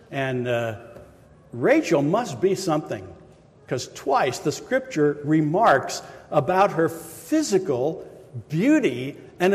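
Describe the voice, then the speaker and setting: A man's voice: a little high, darkish tone. Man preaching in an echoing hall. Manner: casual storytelling with laughs and quoted voices. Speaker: pastor. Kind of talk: sermon. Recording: reverberant hall.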